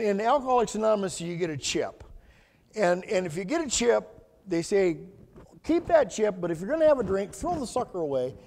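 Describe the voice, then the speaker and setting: High, animated man preaching in an echoey church. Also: slight background noise. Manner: folksy, colloquial and animated storytelling. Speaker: guest speaker giving testimony. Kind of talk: storytelling sermon testimony. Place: church sanctuary. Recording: echoey church hall reverb.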